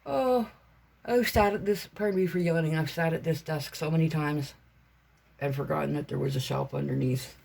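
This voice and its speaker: A woman's voice: sits low, steady tone, a little fast, creaky, a little mellow, a little hiss or hum. A woman vlogger chatting casually about her crafts, meandering and chatty with many fillers and self-corrections. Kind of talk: casual rambling vlog chat.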